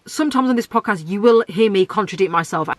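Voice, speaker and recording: A woman's voice: lively intonation, quick pace, dry recording. A woman, hosting a solo podcast in a blunt, outspoken, ranting way. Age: 20s. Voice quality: deep voice. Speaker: podcast host.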